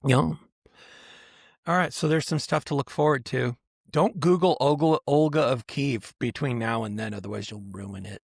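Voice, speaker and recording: A man co-hosting a podcast in an easy, rambling way, laughing through his stories. His voice has a gravelly, fry-tinged edge. It is recorded close and dry. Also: medium pitch, normal speed, dry recording. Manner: laughs often, rambling retellings. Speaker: podcast co-host. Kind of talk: casual chat.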